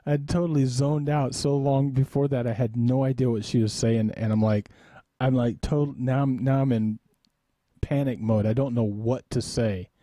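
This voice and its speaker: Mellow-voiced man telling a story on a live stream. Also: medium pitch, steady tone, moderate pace, no echo. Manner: rambling, self-deprecating, laughs often. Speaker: live webcast host. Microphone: desk microphone in a studio.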